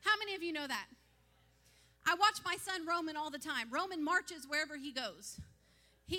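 Lady pastor preaching, super high voice, keeps hammering the same lines to the church. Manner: emphatic, repetitive preaching that builds to shouting. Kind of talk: sermon.

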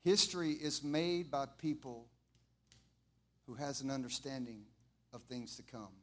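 A middle-aged man preaching an impassioned sermon, building from quiet talk to fervent shouting and repeating his lines. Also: medium pitch, steady tone, measured pace. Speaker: pastor.

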